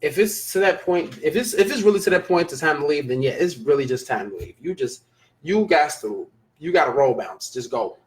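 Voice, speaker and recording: A man's voice: a little high, expressive, a little fast. A man hosting a casual live-stream show, talking emphatically and repeating phrases for stress as he reads viewer comments.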